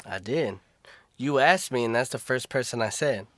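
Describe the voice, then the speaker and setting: A man's voice: mid-range voice, lively intonation, normal speed, fairly bright tone, dry recording. A man co-hosting a casual podcast, laying out his reasoning step by step. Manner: thoughtful, explaining reasons step by step. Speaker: podcast co-host. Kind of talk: casual chat.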